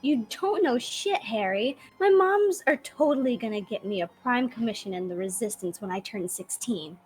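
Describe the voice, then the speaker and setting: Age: teen. Figure: brash troll girl, read by a woman. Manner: boastful, lively pitch. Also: moderate pace, close to an everyday voice. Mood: scornful. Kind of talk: casual fan read-along of a web comic.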